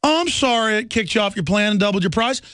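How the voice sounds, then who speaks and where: A man's voice: sits high, lively intonation, quick pace, a bit bright, clean tone, no room sound, studio quality, pitched above the performer's own voice. A man sarcastically mimicking a smug male president in a raised, sing-song voice. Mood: sarcastic.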